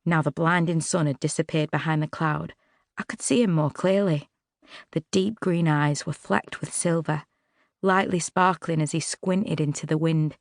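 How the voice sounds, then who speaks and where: A woman narrating a first-person novel for an audiobook, expressive and wry, close to the mic. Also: sits low, normal speed, no room sound. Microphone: close studio mic.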